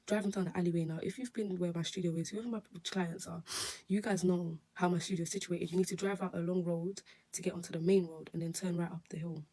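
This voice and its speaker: A woman with a slightly low, husky voice tells a story on her vlog. She rambles and restarts often, and her retelling is heavy with emotion. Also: steady tone, quick pace, warm tone. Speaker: nail technician. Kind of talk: storytime vlog recounting an incident.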